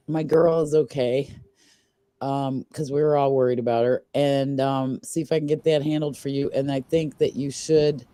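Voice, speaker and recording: A woman friend on a call, speaking gently and supportively, halting with fillers. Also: sits low, no echo, poor audio. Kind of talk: casual chat.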